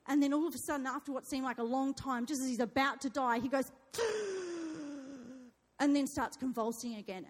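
High-voiced woman in a hall. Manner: animated storyteller, acts out her own panicked screaming. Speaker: speaker sharing a testimony. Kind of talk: personal story told to an audience. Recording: long hall reverb.

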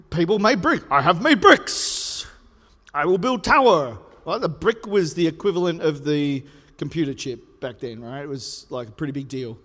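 A man delivering a sermon with a fairly high voice that carries a long reverb tail through the hall. He keeps it conversational and playful, then pushes up into emphatic peaks. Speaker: preacher.

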